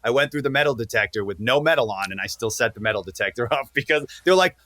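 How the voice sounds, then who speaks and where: A man in his thirties, a wrestler guest on a podcast, telling earnest stories in casual, animated talk. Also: on the low side, fast talker, hardly any pauses. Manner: earnest, animated, speeds up when excited. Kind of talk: casual interview storytelling.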